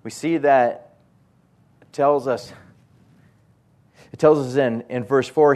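Animated storytelling male preacher. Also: medium pitch, takes it slowly, pauses often. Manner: animated, self-mocking anecdotes with voiced impressions. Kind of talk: storytelling sermon.

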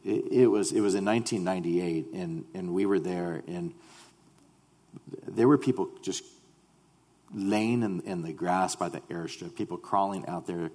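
A man's voice: low-pitched, moderate pace, in a large hall. A man giving an earnest personal testimony to a congregation, often stumbling and repeating words as he starts his sentences. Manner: earnest, animated storytelling. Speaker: speaker sharing a mission testimony.

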